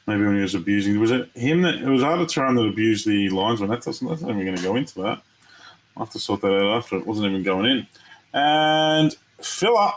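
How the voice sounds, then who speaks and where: A man from Australia runs a live trading card break, talking casually and excitedly to his viewers as he opens packs. His voice sits at a middling pitch, and he keeps up a steady, chatty stream of commentary. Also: poor audio.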